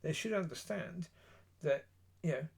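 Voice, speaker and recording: A man giving a blunt, opinionated solo monologue, rambling with pauses. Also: a little high, creaky, slightly rough. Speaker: political commentator.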